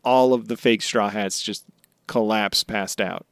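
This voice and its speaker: A man's voice: fairly low pitch, steady tone, measured pace, clear, resonant tone, no echo. A man hosting a casual comedy podcast, rambling through a recap and slipping into playful quoted voices. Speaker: podcast host.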